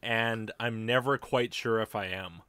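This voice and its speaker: A man hosting a livestream, chatting animatedly and laughing, a little deadpan at times, over a computer mic. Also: on the low side, unhurried, clean tone, no echo. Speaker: livestream host. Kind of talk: casual chat.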